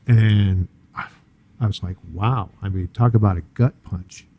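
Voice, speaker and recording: An older man sharing a personal testimony in an interview, telling his story in an earnest, halting way with many fillers and restarts. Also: on the low side, narrow, tinny audio. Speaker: church guest sharing a testimony.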